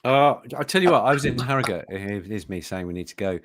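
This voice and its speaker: A man's voice: on the low side, lively intonation, fast talker, fairly bright tone, a little hiss or hum. A man co-hosting a casual live show, talking in a rambling, joking, self-mocking way. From England. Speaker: co-host.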